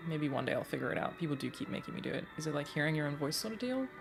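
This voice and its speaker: A woman's voice: low-pitched, big pitch swings, very fast, vocal fry, faint music behind. A woman, a voice actor giving chatty, reflective commentary while streaming a game. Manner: chatty, reflective, many fillers. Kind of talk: casual gameplay commentary.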